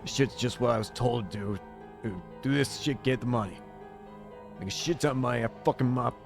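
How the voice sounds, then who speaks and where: A man's voice: mid-range voice, brisk, over music, natural voice. A man reading as foul-mouthed young street thugs. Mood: hateful. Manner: swearing, snarling, sneering. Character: vulgar, hateful young male street thugs.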